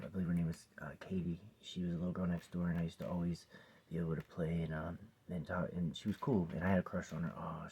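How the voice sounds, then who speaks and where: Man, 40s, very low husky voice; rambling vlog storyteller, swears, drifts into hushed asides. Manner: rambling, swears often, drops to a near whisper at times. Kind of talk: casual personal storytelling to camera. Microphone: phone or camera close by.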